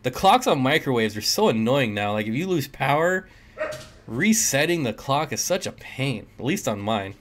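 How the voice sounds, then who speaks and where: A man's voice: mid-range voice, big pitch swings, moderate pace, fairly bright tone. A man hosting a casual livestream, reading chat comments aloud and joking with viewers, often laughing. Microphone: desk mic.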